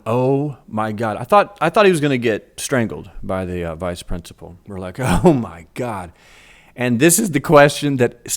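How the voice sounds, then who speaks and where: A middle-aged man telling a story from his school days in a casual, animated way. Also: fairly low pitch. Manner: animated, acts out voices in quotes. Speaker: vlogger telling a childhood story.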